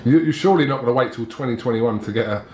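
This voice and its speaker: A man's voice: mid-range voice, very fast, over a noisy crowd. A man interviewing a boxer, asking pointed questions and pushing follow-ups. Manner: probing, pushes follow-ups. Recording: roomy with background noise.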